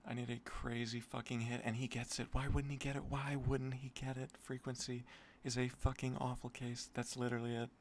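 A man's voice: medium pitch, little pitch movement, brisk, hardly any pauses, slight background noise. A man streaming an online gambling session, swearing and muttering in exasperation at his losses. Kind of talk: casual gambling commentary.

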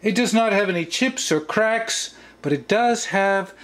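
A man's voice: high-pitched, measured pace, fairly bright tone. A man hosting a home cookware test vlog, who talks playfully to the pan as if it were a person. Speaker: channel host.

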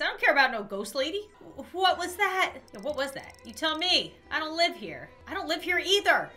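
Bright, lively woman gaming host. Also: sits high, a little fast, few pauses, faint music behind. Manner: expressive, sarcastic, reads game text aloud. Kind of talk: playful let's-play commentary.

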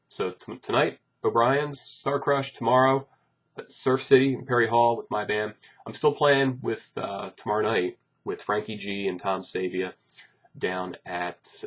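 A man, a bassist, chatting casually to his followers about upcoming gigs, rambling and joking with many fillers. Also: husky. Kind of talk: casual chat to camera.

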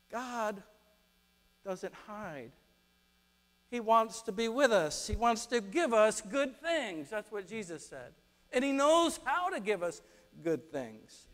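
High-voiced pastor in an echoing church. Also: male voice, slow. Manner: animated storytelling, acts out quotes. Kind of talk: sermon. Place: church sanctuary. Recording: long reverb of a church hall.

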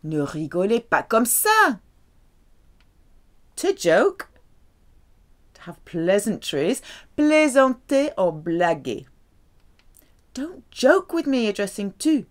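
A woman teaching French, carefully saying each example and explaining its meaning. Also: medium pitch. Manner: slow, careful, lively delivery with drawn-out French examples. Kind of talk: language lesson.

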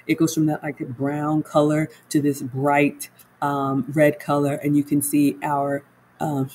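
A woman's voice: deep voice, a little mellow, slight background noise, low-quality recording. A woman home cook chatting casually on a livestream, walking viewers through her cooking and reading their comments aloud.

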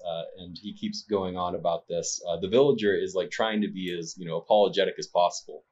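Husky low-voiced game master, full of hesitations. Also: male voice, steady tone, brisk, hardly any pauses, darkish tone, muffled recording. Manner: hesitant, many fillers. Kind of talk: narrating a tabletop game.

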